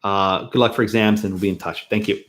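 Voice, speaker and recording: A man's voice: on the low side, quick pace. A man from New York, a law professor, telling a personal story to his class with frequent chuckles and restarts. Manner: animated storyteller, chuckles often, self-interrupts. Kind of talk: lecture with a personal anecdote.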